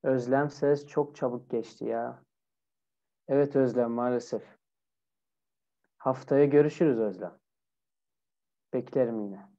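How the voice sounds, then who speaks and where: A woman with a teaching pronunciation in a live online lesson, speaking slowly and repeating each example. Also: very deep voice, mellow, highs cut off. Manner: slow, deliberate, repeats examples.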